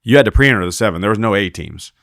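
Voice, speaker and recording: A man's voice: fairly low pitch, fast, vocal fry, no echo, studio quality. A man, a guest on a podcast, telling a story in casual talk, acting out the quoted voices and swearing freely. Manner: animated, acts out quoted dialogue, swears freely. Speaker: podcast guest, team roper.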